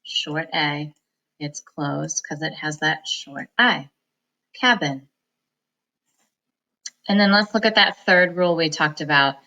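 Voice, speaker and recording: Bright-voiced woman teaching phonics. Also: low voice, low-quality recording. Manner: slow, deliberate, sounds words out syllable by syllable. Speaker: reading teacher. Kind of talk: phonics lesson.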